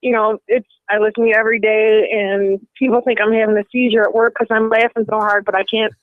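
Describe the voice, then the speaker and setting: A woman caller on a phone line, excited and emotional as she talks with the hosts. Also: medium pitch, fast talker, no room sound. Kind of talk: phone call.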